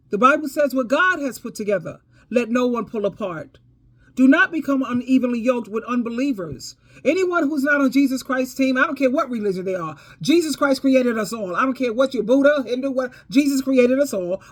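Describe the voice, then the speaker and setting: Preachy, emphatic woman giving advice. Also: high voice. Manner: preachy and emphatic, addresses listeners as baby and girl; repeats phrases for emphasis, laughs between points. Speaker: advice vlogger. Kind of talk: casual storytime advice monologue.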